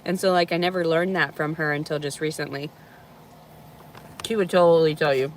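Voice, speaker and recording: A woman's voice: deep voice, steady tone, a little fast, slight background noise. A woman chatting candidly outdoors in a park, often laughing and swearing freely as she reacts to messages. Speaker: reality show subject reacting to viewer messages. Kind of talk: casual chat.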